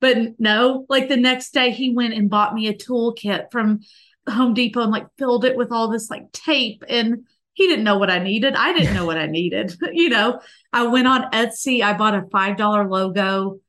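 As a podcast guest, a woman likely in her thirties shares her emotional personal faith story with an interviewer. Her fairly high, fairly bright voice moves at normal speed, and she speaks earnestly with many restarts.

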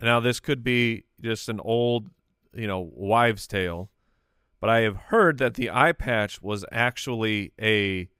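Playful American co-host man, bright voice. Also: fairly low pitch, takes it slowly, clean tone, dry recording, studio quality. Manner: playful, jokey, goofy bits. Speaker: podcast co-host. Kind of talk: casual chat.

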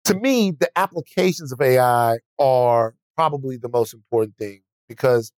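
A man's voice: medium pitch, normal speed, a little mellow, no echo. A man hosting a podcast in casual chat, rambling and restarting often, with plenty of profanity. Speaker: podcast host.

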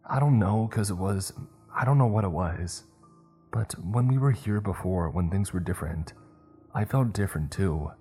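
A man's voice: low voice, normal speed, mellow, soft background music, pitched above the performer's own voice, natural voice. A man voicing an anxious teenage boy who pleads and insists through tears in a spoken horror story. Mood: tearful pleading.

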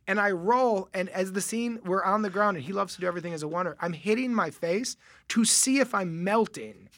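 A man in his thirties with a bright, forceful voice that sits a little high for a man, spinning a story in casual conversation. He acts out each line of dialogue and laughs his way through the telling. The sound is dry and close. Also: brisk, no room sound. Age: 30s. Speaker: guest. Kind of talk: animated storytelling in casual chat.

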